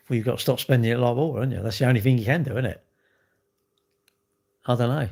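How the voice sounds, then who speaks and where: A man's voice: medium pitch, quick pace, gravelly, a little mellow, slightly rough. A middle-aged man with a British accent, rambling bluntly in slangy casual chat while answering a livestream chat.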